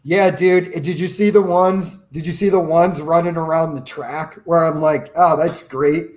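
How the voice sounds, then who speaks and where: A man's voice: on the high side, steady tone, measured pace, darkish tone. A man who runs a personal finance channel, chatting casually and telling opinionated stories with quoted asides. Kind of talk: casual livestream chat.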